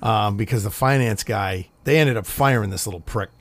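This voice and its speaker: A man's voice: on the low side, normal speed. A man hosting a casual podcast, telling a long rambling story full of swearing and quoted dialogue. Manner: rambling, profane anecdote telling. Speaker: podcast host. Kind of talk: casual chat.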